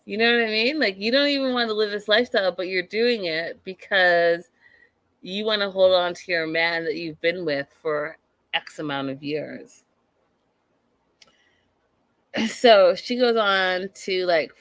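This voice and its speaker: Chatty animated woman, bright voice. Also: on the low side, unhurried, dry recording. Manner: chatty, animated, lots of "like" and asides. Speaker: host of a live TV recap show. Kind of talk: casual chat, reacting to live chat.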